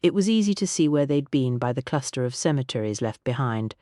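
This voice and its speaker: A woman narrating a mystery audiobook with a low voice that rises and falls expressively. She tells the story with a lively storyteller's touch. The sound is close and dry, like a studio booth. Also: fairly quick, no room sound.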